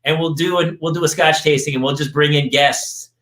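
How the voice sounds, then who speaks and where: A man's voice: on the high side, fairly even intonation, brisk, a bit bright. A man hosting a podcast in casual chat, joking with his guests and wrapping up the show. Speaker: podcast host. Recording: roomy echo.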